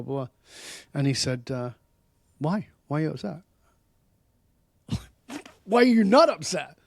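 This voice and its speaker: A man speaking as a podcast guest and author, telling stories in an animated, emphatic way that often gets loud. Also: mid-range voice, dry recording. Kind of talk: storytelling interview talk.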